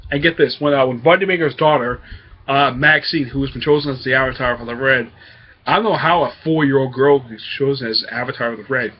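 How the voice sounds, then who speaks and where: A man hosts his own comic book review show with a medium-pitched voice that moves fairly quickly, though the audio sounds dull. He talks casually and rambles hesitantly, packing his speech with fillers.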